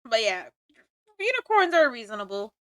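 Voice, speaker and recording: A woman's voice: fairly high pitch, big pitch swings, moderate pace, fairly bright tone, no echo, studio quality. A young woman streaming from home, chatting casually with her chat, play-acting anger and laughing often. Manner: playful mock-angry banter with frequent laughs.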